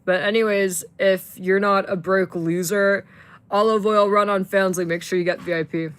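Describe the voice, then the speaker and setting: A woman's voice: mid-range voice, steady tone, moderate pace, clear, resonant tone. A woman livestreaming in casual chat, rambling with lots of fillers and swearing when frustrated.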